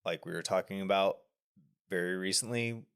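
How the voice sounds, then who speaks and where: A man's voice: low-pitched, normal speed, a bit bright, smooth. A man co-hosting a podcast, walking through a film scene by scene in a loose, rambling way with restarts. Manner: explains at length with many restarts and fillers. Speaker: podcast co-host. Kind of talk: casual film discussion.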